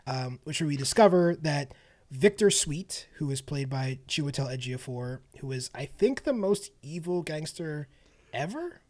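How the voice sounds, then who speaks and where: A man's voice: a little high, animated, unhurried, a little mellow. A man co-hosting a podcast, retelling a film plot in a wry, casual way, laughing often and trailing off with ums. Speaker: podcast co-host. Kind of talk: casual film-review chat.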